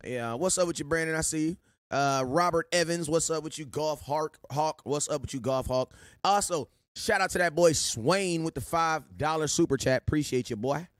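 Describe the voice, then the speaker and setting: A man hosting a sports live stream, giving loud, slangy shout-outs to viewers in casual chat. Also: on the high side, moderate pace, no echo, studio quality. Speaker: sports show host.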